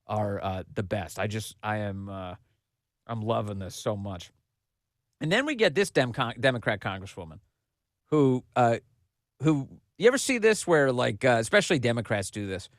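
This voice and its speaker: A man's voice: medium pitch, no echo, studio quality. A man hosting a political commentary podcast, talking in a mocking, sarcastic way and laughing at what he covers. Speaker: podcast host.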